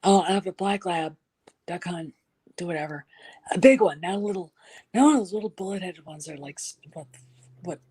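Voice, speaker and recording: A woman chatting casually as a guest, an animated storyteller who drops into soft whispers. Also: fairly low pitch, brisk, husky, no echo, rough recording. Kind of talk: casual chat.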